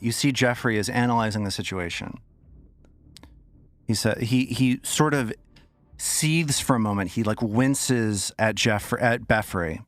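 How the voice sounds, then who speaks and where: A man's voice: fairly low pitch, fairly bright tone, no room sound. A man narrating a tabletop game as game master, with loose descriptive speech.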